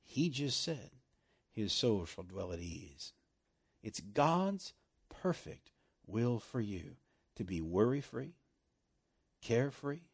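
A man preaching a sermon, animated and laughing often, slowing right down to stress scripture. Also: medium pitch, slightly rough.

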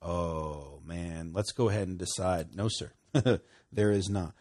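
A man preaching a sermon, reading scripture, laughing often and dropping to soft asides. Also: low voice, takes it slowly.

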